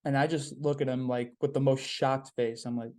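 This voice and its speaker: Young man, podcast host, casual solo talk, upbeat, rambling, mid-pitched. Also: fairly even intonation, normal speed, darkish tone. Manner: upbeat, rambling, with many "um"s and repeated phrases.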